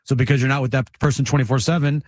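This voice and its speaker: A man co-hosting a sports talk show, telling relaxed stories in casual chat. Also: medium pitch, racing, dry recording.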